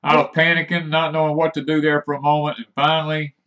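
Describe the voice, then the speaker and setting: A man's voice: on the high side, flat delivery, fast, bright, forceful tone. Folksy man, lo-fi stream. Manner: folksy storytelling drawl. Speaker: homesteading channel co-host. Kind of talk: casual live-stream chat. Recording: dull lo-fi stream audio.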